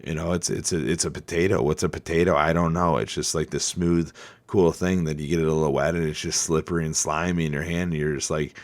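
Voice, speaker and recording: A man hosting a casual chat, rambling with many restarts and fillers, and bursting out loudly when he acts out people's reactions. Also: extremely low pitch, steady tone, fast talker. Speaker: podcast host.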